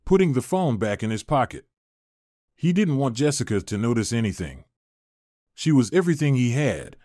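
A man narrating a scripted drama story in an expressive, dramatic manner. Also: mid-range voice, dry recording, studio quality.

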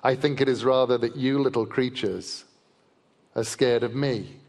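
Man doing a giant wolf, proud, scornful, growling, distrustful, middle pitch, long hall reverb. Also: steady tone, unhurried, darkish tone. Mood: suspicious. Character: huge proud male wolf, suspicious and defiant.

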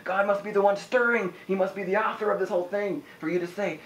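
A man preaching a sermon in an energetic, conversational way, often asking the listeners "amen?". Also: sits high, fast talker, hardly any pauses, echoey room, a little hiss or hum, poor audio. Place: house church room.

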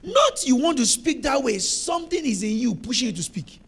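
A man preaching a charismatic sermon as pastor, fervent and emphatic, repeating phrases and bursting into shouts. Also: very high voice, sing-song, a little fast, husky. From Nigeria.

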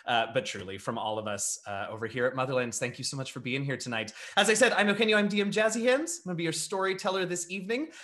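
A man's voice: mid-range voice, quick pace, hardly any pauses, fairly bright tone. A man hosting as storyteller and game master, introducing his players with effusive, playful thanks. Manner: effusive, grateful, playful banter. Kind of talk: warm show introduction.

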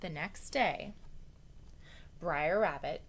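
A woman teacher reading a story aloud to students in an expressive way, with chatty asides to the children. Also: low voice, drawn-out words.

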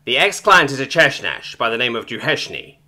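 A man's voice: mid-range voice, big pitch swings, fairly quick, bright, forceful tone, full character voice. A man voicing a haughty, cold female alien information broker in a storybook reading, with clipped, formal, disdainful speech. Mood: weary, haughty.

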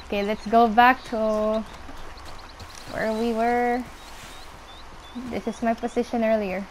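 A young woman casually commenting on her gameplay, chatting to the animals on screen and squealing when excited. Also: on the high side, unhurried, pauses often, slight background noise, low-quality recording. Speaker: gameplay streamer.

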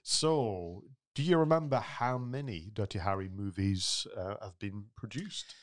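A man co-hosting a film podcast, talking in a measured, agreeable way as he runs a quiz. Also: fairly low pitch. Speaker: podcast co-host. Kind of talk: casual chat about films.

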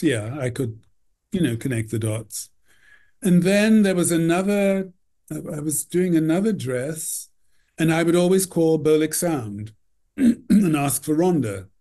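A man's voice: fairly high pitch, lively intonation, slow pace, mellow. Rambling man telling backstage stories. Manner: rambling, lots of "you know", acts out quotes. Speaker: costume designer, guest. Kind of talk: anecdotal interview storytelling.

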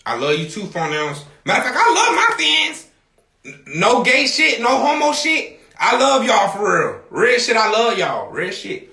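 A man hosting a livestream, talking casually to his viewers in a loud, rambling, profane way and often shouting. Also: high-pitched, wildly swooping pitch, moderate pace, gravelly, echoey room.

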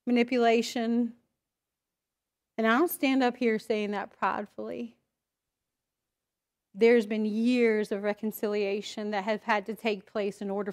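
High-pitched woman, church testimony speaker, candid and emotional storyteller. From Idaho, US. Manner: candid, emotional storytelling with acted inner voices. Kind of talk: personal testimony talk.

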